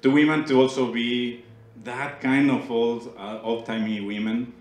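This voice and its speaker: A young man with a Mexican Spanish accent works a small comedy club, his voice landing at a middle pitch. He speaks English as a second language and teases the crowd in a playful tone. The handheld mic picks up a roomy, echoing club sound. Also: flat delivery, unhurried. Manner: playful, teasing the audience. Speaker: stand-up comedian. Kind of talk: stand-up comedy set. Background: audience laughter.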